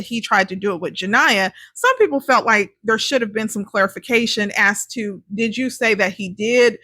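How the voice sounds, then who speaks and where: A woman hosting a true-crime commentary show, reading court transcripts aloud and explaining them in a measured, deliberate way. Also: medium pitch, sharp tone, dry recording. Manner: measured, deliberate explaining, corrects herself mid-read.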